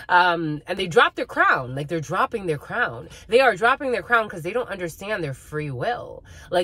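A woman's voice: low voice, sharp tone, breathy edge. A woman giving a tarot reading to her viewers, blunt and profane, ranting with bursts of laughter and calling them "my lovies.". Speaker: spiritual reader.

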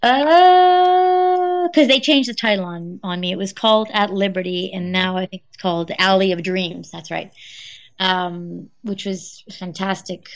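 A woman's voice: mid-range voice, steady tone, unhurried, highs cut off. A woman guest voice actress in casual chat, who tells stories and laughs often. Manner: chatty, laughs often, storytelling.

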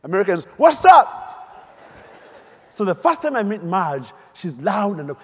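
A middle-aged man from Uganda, giving an animated, storytelling keynote speech on a stage mic in a large conference hall and quizzing the audience. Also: sits high, moderate pace, breathy edge. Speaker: keynote speaker. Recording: echoey hall.

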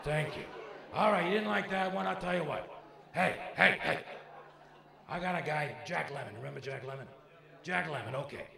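A man impersonating a famous gruff film actor as a short-tempered, swearing stand-up comic in a live club set. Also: fairly high pitch, moderate pace, long pauses, bright, forceful tone, far from the mic, heavily acted. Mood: brash. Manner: abrasive, heckler-baiting, swears a lot. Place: comedy club stage. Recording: echoey club with live crowd.

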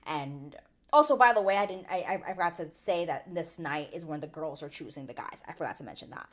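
A woman casually recapping a reality dating show, chatty and opinionated, full of "like" fillers and high indignant outbursts. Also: animated, a little fast. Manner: rises to high indignant exclamations. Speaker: TV recap vlogger.

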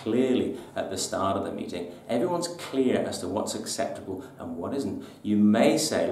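A lowish-voiced man delivers business tips with punchy emphasis and a chatty, colloquial turn of phrase. He sits back from the mic in an echoey room, with faint ambient noise. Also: expressive, moderate pace, gravelly, few pauses, a little mellow, far from the mic. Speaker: business trainer. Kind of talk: presenting tips to camera.

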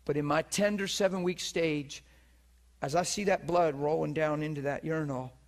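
Man, preacher, sermon, storytelling, animated, slightly high voice. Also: normal speed. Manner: animated, laughs at his own story, acts out the people in it. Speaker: preacher teaching on divine healing. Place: teaching session before a listening audience.

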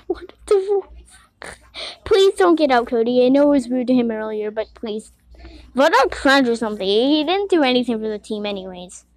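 Playing a Roblox game, a woman with a voice on the high side gives casual let's-play commentary, mostly talking to herself. She is excitable and giggly and gets frustrated quickly. There is no echo.

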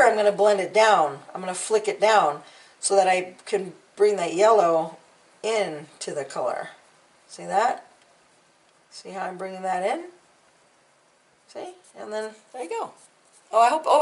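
A woman's voice: mid-range voice, vocal fry, distant mic, rough recording. A woman hosting a casual real-time coloring tutorial, chatty and encouraging, trailing off and repeating words as she works. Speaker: art tutorial host.

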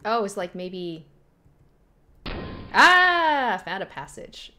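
A woman's voice: medium pitch, expressive, slow, creaky, pushed and bright, slight background noise. A woman streaming a horror game, reacting with sudden jumps and reading the on-screen text aloud to herself. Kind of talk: live gameplay commentary.

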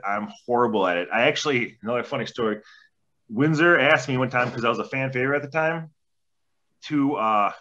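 A forceful, bright-toned man in his forties spins rambling, profanity-laced stories as a podcast guest. The audio is dull and lo-fi. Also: mid-range voice. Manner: profane, rambling anecdotes with acted-out quotes. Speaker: podcast guest, former hockey player. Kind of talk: casual storytelling. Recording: dull lo-fi sound.

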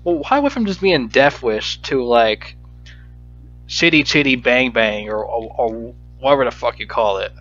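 A man rants through a movie review in a steady mid-range voice, swearing often and tripping over his words as he restarts his sentences. The recording is muffled and lo-fi, with faint music underneath. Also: mid-range voice, a little slow. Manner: profane, exasperated, stammering restarts.

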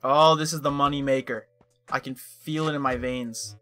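A man's voice: mid-range voice, steady tone, moderate pace, bright, forceful tone, faint music behind. A young man giving playful, hammy commentary while playing a life-sim game. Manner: playful, hammy trash talk. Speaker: let's play streamer. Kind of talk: gameplay commentary.

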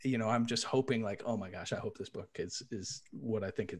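A man's voice: lowish voice, a little fast, husky. A man hosting a podcast, asking the guest long, wandering questions while he searches for the right words. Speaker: podcast host. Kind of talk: casual interview questions.

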